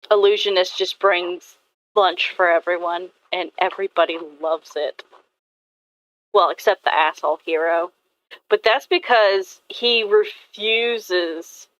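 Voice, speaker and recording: A woman's voice: mid-range voice, fairly bright tone, no room sound, muffled recording. A woman artist chatting casually and rambling about her characters, swearing now and then. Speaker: artist vlogger. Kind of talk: casual chat while drawing.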